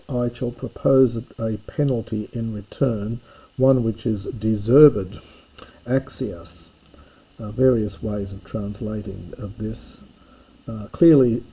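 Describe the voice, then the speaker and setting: A man giving a recorded lesson, reading and explaining a Greek text in a slow, methodical way with frequent pauses and fillers. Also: on the low side, steady tone, dark tone, slightly rough, rough recording. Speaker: teacher.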